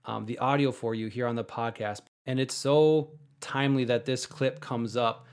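A man's voice: mid-range voice, fairly even intonation, moderate pace, clean tone. A man hosting a podcast, talking casually and hesitantly as he introduces a clip. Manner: hesitant, with fillers and restarts. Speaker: podcast host.

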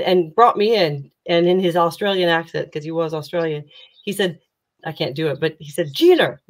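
A middle-aged woman, a career coach and former reporter, telling her story candidly in an interview, animated and often restarting her sentences. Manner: animated, with sharp rises in pitch when retelling tense moments; frequent restarts and self-corrections.

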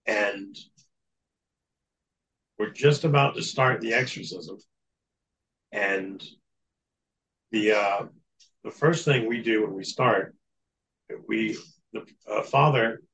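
A man's voice: fairly low pitch, slow, pauses often, fairly bright tone, slight background noise, poor audio. A man speaking as a guest in an interview, telling a long story in an earnest, matter-of-fact way. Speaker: guest recounting exorcism experience.

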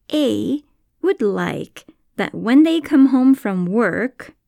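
Calm, slow-talking woman podcast host. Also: mid-range voice, gravelly, dry recording, studio quality. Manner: calm, thoughtful, teacherly. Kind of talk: explanatory podcast talk.

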